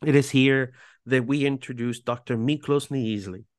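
Man, podcast host, mid-pitched, reading notes, casual asides, trips over foreign words, dry close sound. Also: steady tone, moderate pace, no room sound. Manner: stumbles over foreign words, self-mocking.

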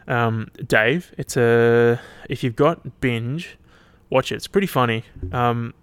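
Speaking slowly in a clear, resonant medium-pitched voice, an Australian man rambles through a casual solo podcast. He's laid-back, tired and yawning, and swears freely, and the recording is dry.

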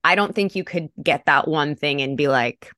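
Woman host, low-pitched, empathetic interviewer, dry close recording. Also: normal speed, sharp tone, dry recording. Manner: empathetic, thoughtful questioning with "you know" fillers. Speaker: podcast host. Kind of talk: interview conversation.

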